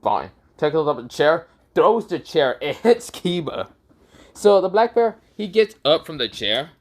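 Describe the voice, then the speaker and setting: Male storyteller, improvised fan fiction, lively pitch, casual and cursing. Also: measured pace. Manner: animated, swearing, laughing often.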